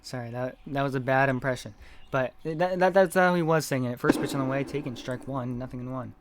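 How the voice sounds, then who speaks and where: A man doing live play-by-play commentary of a game, reading chat messages between pitches, his voice not feeling well. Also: a little fast, slight background noise. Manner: reads chat messages between calls, gets loud on big hits.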